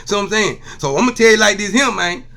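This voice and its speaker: High, bright-voiced man preaching testimony. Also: lively intonation, quick pace. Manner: preachy, repeats "see what I'm saying". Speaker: vlogger. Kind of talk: emotional testimony monologue.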